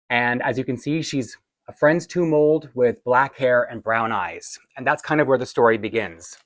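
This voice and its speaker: A man talks in an eager, rambling way, often laughing and stopping to correct himself. His voice sits at an ordinary middle pitch. The sound is close and dry, with no room echo. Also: a bit bright. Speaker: doll collector vlogger. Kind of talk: excited casual unboxing chat.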